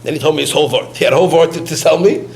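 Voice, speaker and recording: A man giving a eulogy through personal stories, halting and repeating words, with Yiddish and Hebrew terms mixed into his English. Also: a little high, gravelly, darkish tone. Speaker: eulogist, former student. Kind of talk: eulogy told as personal anecdotes.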